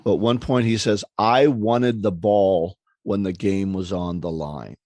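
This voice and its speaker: A man co-hosting a sales podcast in casual conversation, dropping wry jokes and quick asides. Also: low voice, steady tone, dark tone, no room sound. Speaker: podcast co-host, speaking trainer.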